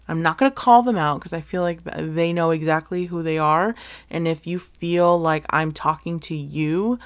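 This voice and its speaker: A woman hosting a solo podcast, talking in an earnest, emotional way with casual swearing and frequent restarts. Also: deep voice. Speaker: podcast host.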